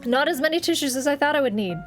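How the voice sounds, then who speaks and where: A woman streamer giving expressive live commentary on a game, swearing and laughing as she reacts. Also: high-pitched, rapid-fire. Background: game music.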